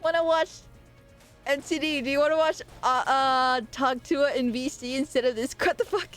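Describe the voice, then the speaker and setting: Young woman streamer, high voice, excitable, loud playful outbursts, casual gaming commentary. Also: moderate pace, soft background music.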